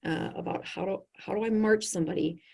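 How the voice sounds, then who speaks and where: A middle-aged woman physician telling a story as a podcast guest, animated and laughing often as she acts out what people said. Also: medium pitch, a little fast, gravelly. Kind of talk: conversational storytelling.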